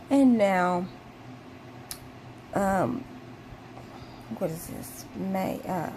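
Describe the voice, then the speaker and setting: A woman's voice: medium pitch, mellow, a little hiss or hum. A woman vlogger casually telling a personal story to camera, with lots of "um" and "like" and bursts of exaggerated indignation.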